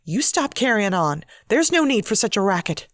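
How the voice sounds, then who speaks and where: A woman voicing a fearful, harsh wife and mother who speaks in a sharp, scolding way. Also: mid-range voice, expressive, moderate pace, no room sound, studio quality, lightly acted.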